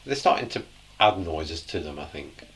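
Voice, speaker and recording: A man's voice: low voice, sing-song, normal speed, fairly bright tone, slight background noise. A man from England with an East Midlands accent, chatting easily with his bandmates on a podcast. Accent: East Midlands English. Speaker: band member co-hosting a podcast. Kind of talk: casual banter among bandmates.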